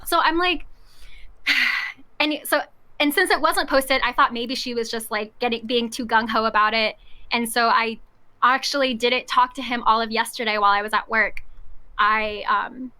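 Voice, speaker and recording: Young woman guest, high bright voice, lively anecdote style with frequent laughs. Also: normal speed. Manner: animated, acts out quoted voices, laughs often. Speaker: podcast guest. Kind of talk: casual storytelling chat.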